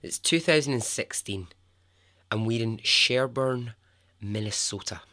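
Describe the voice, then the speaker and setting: Speaking at medium pitch and a slightly slow pace, a Scottish podcast host delivers a true tale with a bright, forceful tone. It's casual storytelling, playful and chatty, and he laughs frequently at his own gags.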